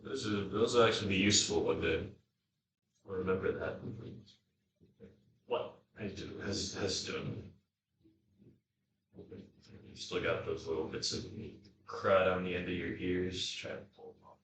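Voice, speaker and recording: A man's voice: low voice, steady tone, measured pace, pauses often, a bit bright, a little hiss or hum. A man live-streaming as he cooks in his home kitchen, drinking beer, rambling with lots of swearing and chatting to his dog. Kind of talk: casual live-stream chat while cooking. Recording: roomy kitchen, mic from afar.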